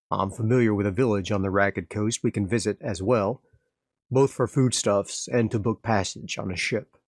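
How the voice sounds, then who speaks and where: A man voicing a grizzled, gruff middle-aged male livestock farmer who speaks in a hard, firm, terse way. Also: lowish voice, no room sound, clean studio sound. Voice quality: gravelly.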